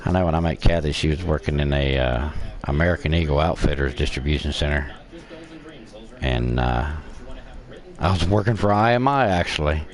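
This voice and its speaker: A man's voice: extremely low pitch, animated, moderate pace. A middle-aged man streaming a game, telling crude, profane stories in a casual chat. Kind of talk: casual storytelling while gaming.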